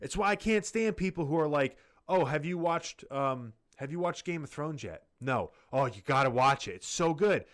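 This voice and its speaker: A man's voice: fairly high pitch, animated, normal speed, hardly any pauses. A man co-hosting a podcast in casual chat, ranting heatedly and swearing a lot. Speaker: podcast co-host.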